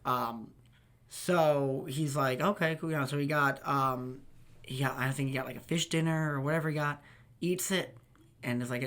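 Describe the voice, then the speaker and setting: A man's voice: mid-range voice, a bit bright. A young man hosting a casual podcast chat, telling rambling work stories with laughter and swearing. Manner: rambling, laughing, swears, acts out quoted people. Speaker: podcast host.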